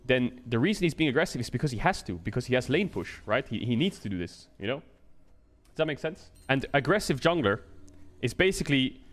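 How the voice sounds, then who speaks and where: A man's voice: mid-range voice, sing-song, fairly quick. A man streaming a casual explanatory rant, talking it through conversationally, often checking in with the listener and swearing now and then. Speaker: streamer and game analyst.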